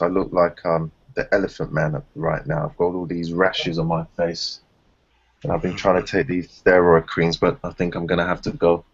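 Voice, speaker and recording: A man's voice: gravelly, slightly rough. A man chatting casually on a group video call, telling stories and acting out other people's voices. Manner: animated storyteller, acts out others in high voices. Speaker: round table panelist. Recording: dull lo-fi call audio.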